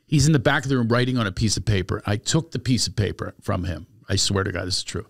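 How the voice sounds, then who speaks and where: A man hosting a podcast as a comedian, telling a story in an animated, laughing way. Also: on the low side, quick pace, gravelly. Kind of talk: casual storytelling chat.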